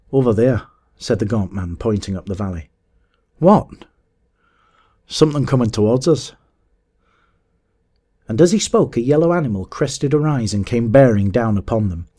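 A man narrating a story in a measured, expressive audiobook reading. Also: fairly low pitch, slightly rough.

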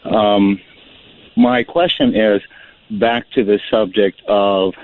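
A man's voice: fairly low pitch, slow pace. A man calling in to a radio show with a rambling question, full of ums. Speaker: caller. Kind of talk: call-in question. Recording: tinny phone line.

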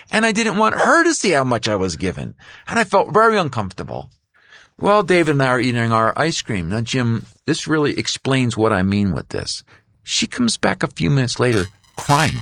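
A middle-aged man, an author and guest, telling an animated story in an interview and acting out other people's voices. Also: mid-range voice, creaky.

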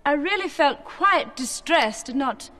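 A wicked fairy queen, posh English, high, slow, swooping. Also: expressive, bright, forceful tone, full character voice. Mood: disdainful. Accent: posh old-fashioned English (received pronunciation). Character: regal, wicked female fairy.

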